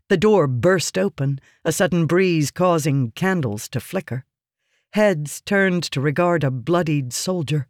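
A man narrating a fantasy audiobook in a measured, even reading, close to the mic. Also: fairly high pitch, no room sound.

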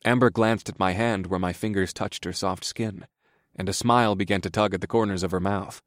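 A man narrating a first-person romance audiobook in a steady, low-key way. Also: a little fast, no room sound, studio quality.

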